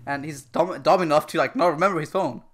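A man's voice: a little high, fast talker. Laughing young man telling a story. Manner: animated storyteller, laughs often, acts out callers. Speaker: podcast co-host. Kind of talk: casual chat.

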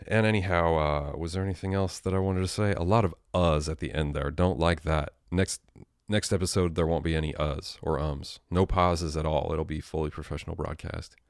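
A man's voice: sits low, creaky, no room sound, studio quality. A young man hosting his own casual solo show, rambling and self-mocking, with frequent fillers and casual swearing. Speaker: podcast host.

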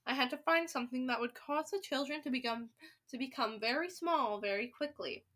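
A scheming grand high witch lays out her recipe in a brisk, commanding manner, voiced by a woman reading aloud. The voice sits high and bright. Her tone is instructive rather than shouted.

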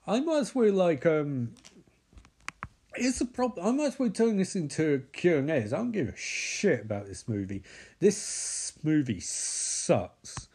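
Snarky guy riffing on a bad movie, lively up-and-down voice, mellow tone. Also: fairly high pitch, moderate pace, husky. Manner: sardonic, swears, mocks the characters in put-on voices. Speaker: vlogger watching a movie. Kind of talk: sarcastic movie commentary.

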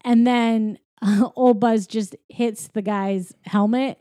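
A woman in her thirties casually recapping a movie plot, jumping into quick character voices as she retells scenes. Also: fairly high pitch, no echo, studio quality. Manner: animated, acts out characters' lines in quick voices.

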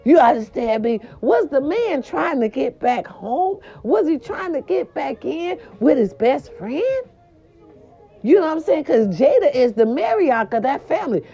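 A woman hosting a casual celebrity gossip show, loud, animated, swooping and profane. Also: sits high. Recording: dull lo-fi sound.

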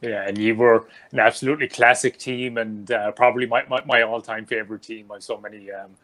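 A man hosting a casual interview, speaking haltingly with many fillers and eager thanks. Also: mid-range voice, fairly even intonation, sharp tone. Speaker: podcast host.

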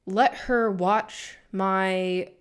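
A woman, a spiritual coach and tarot reader, telling a story in casual chat, animated and laughing, with many "like" fillers. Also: mid-range voice, very slow, clear, resonant tone.

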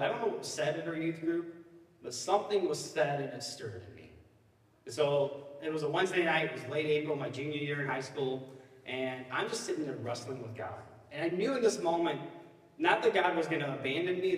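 A middle-aged man, a pastor, preaching a sermon full of personal stories, casual and joking, often checking in with the crowd. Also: fairly high pitch. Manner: casual, joking, often asks the crowd "you know what I mean?". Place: church sanctuary. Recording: echoey church hall, mic at a distance.

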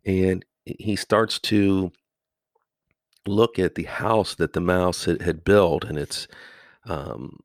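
Man, very low voice, raspy gravel, dry close sound, casual rambling podcast monologue. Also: fairly even intonation, dry recording. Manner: rambling, conversational, lots of pauses. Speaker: podcast host and high school English teacher.

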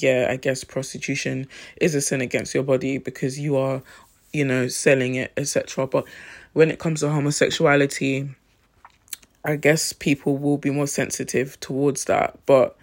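A man giving a reflective talk on faith, thinking aloud with pauses and restarts. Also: mid-range voice, gravelly. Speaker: Christian vlogger.

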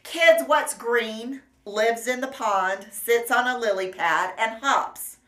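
A woman's voice: a little high, takes it slowly, fairly bright tone, far from the mic. A woman voicing a male preacher who coaxes a group of children with sing-song questions. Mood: coaxing. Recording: roomy echo.

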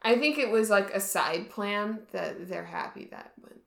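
A young woman chatting casually about a book as a podcast co-host, soft and agreeable. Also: mid-range voice, very animated, unhurried, creaky, a crowd in the background. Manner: soft, agreeable, often answers with short yeahs. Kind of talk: casual chat. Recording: echoey room.

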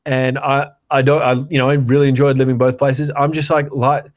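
A man's voice: medium pitch, level tone, fairly quick. A man in his thirties from Australia, co-hosting a podcast in casual, rambling chat with frequent restarts and playful rants. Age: 30s. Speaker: podcast co-host.

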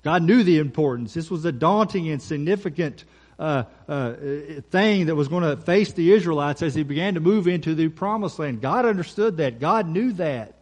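A man preaching a sermon as pastor, emphatic, repeating key phrases and slowing down for scripture. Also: fairly high pitch, animated, darkish tone.

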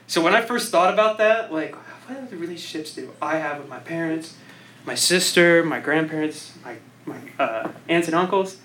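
A young man delivers an informal speech, his voice sitting a little high. He rambles, leans on "like" as filler, and laughs at his own jokes. A faint hiss runs under the recording. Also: expressive, normal speed, fairly bright tone, low-quality recording. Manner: rambling, self-deprecating, laughs often; heavy use of "like" filler. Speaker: student giving a speech.

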